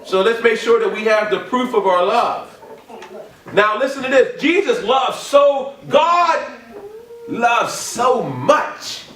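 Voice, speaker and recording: A man preaching a sermon, repeating his points with emphasis and building up to shouts. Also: very high voice, animated, takes it slowly. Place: church or ministry hall. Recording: echoey room from a distant mic.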